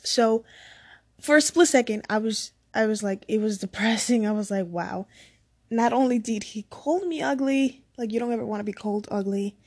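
Young woman from the Dominican Republic, fairly high voice, casual and rambling storyteller. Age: young adult. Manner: rambling, sidetracked, laughs often. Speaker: vlogger.

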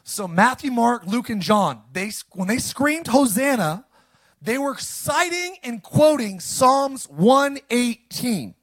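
A man preaching a sermon as pastor, reading scripture and calling the congregation to repeat after him, with sudden loud, animated bursts. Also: very high-pitched, takes it slowly. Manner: call-and-response, animated with sudden loud lines.

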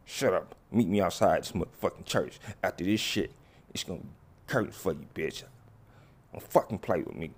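A man doing a deep, gravelly, menacing tough guy. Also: lively intonation, normal speed, heavily acted. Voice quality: gravelly, profane. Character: menacing tough man, hot-tempered, threatening. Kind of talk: comedy skit with character voices.

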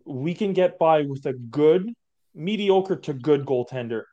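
A man's voice: a little high, animated, a little slow, dark tone, dull audio. A man co-hosting a sports podcast in casual chat, firm and argumentative in how he makes his point. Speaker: podcast co-host.

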